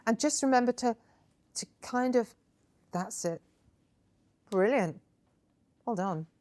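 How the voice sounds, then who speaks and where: A woman's voice: a little high, expressive, takes it slowly, darkish tone. A woman hosting a hands-on crafting workshop, chatty and encouraging, praising her guests often as she explains each step. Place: indoor crafting table.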